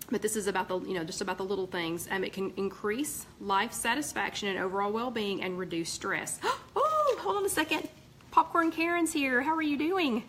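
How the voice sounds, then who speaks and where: A woman's voice: mid-range voice, slight background noise, poor audio. Chatty Southern American woman host. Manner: chatty, warm asides, frequent ums and restarts. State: voice tired. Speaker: host of a weight-loss group live chat. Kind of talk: casual live-stream chat reading viewer comments.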